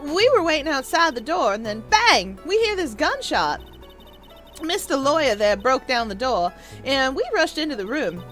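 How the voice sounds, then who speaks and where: A woman voicing a loud, brash Southern woman photographer with a put-on Southern drawl, twangy and exclaiming. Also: sits high, very animated, moderate pace, faint music behind. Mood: storytelling. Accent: put-on American Southern.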